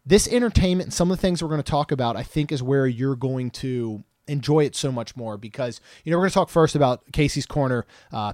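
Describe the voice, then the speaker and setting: A man's voice: mid-range voice, fairly quick, hardly any pauses, darkish tone, no room sound, clean studio sound. A man in his thirties co-hosting a podcast, chatting casually and joking, rambling with frequent restarts. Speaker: podcast co-host.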